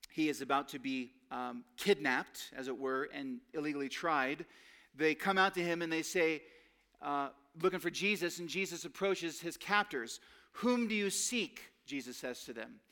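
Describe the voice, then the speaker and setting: A man delivering a sermon in a fairly high voice. He speaks earnestly and pushes up on the phrases he wants to land. He slows and drops lower when he reads scripture aloud. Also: pushed and bright. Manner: earnest preaching that rises on key phrases. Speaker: pastor.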